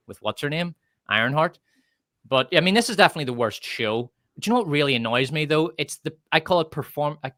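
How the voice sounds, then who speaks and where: A man's voice: medium pitch, bright, forceful tone, no room sound, studio quality. A man with a northern Irish accent, chatting bluntly and scornfully on a review livestream, with some swearing. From north of Ireland. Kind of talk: casual opinionated chat.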